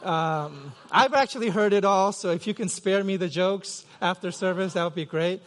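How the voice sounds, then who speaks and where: A man's voice: high voice, normal speed, fairly bright tone. A middle-aged man from Korea preaching a sermon as pastor, in a conversational, self-deprecating way with many fillers and restarts. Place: church sanctuary.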